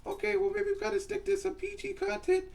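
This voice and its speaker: A bubbly, forward little girly doll talks in a very high, squeaky falsetto, as a man puts her on. Her soft, mellow tone gives a playful toy-box feel. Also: monotone, quick pace, gravelly, far from the mic. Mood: teasing.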